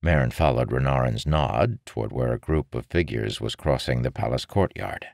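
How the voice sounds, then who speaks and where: A man with a very low, deep voice narrating a novel in a measured, even storytelling manner. The recording is dry and close, with no room sound. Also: gravelly, no room sound. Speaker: audiobook narrator. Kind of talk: scripted narration.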